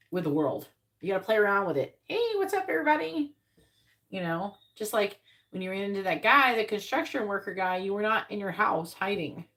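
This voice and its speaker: A woman's voice: mid-range voice, a bit bright. A woman giving a live-stream tarot reading in a blunt, casual manner, swearing freely. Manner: blunt, casual, swears, acts out quoted voices. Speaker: tarot reader.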